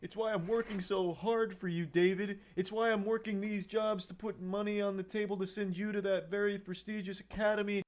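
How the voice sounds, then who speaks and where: A man's voice: high-pitched, flat delivery, fairly quick, hardly any pauses, voice pushed up, lightly acted. A man voicing a hardworking mother in a stiff, overly formal, pleading way.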